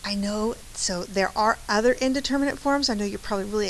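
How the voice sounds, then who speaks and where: A woman's voice: on the high side, quick pace, hardly any pauses, slight background noise, poor audio. A woman math teacher giving a chatty, encouraging lecture, often checking in with "right?". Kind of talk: classroom lecture.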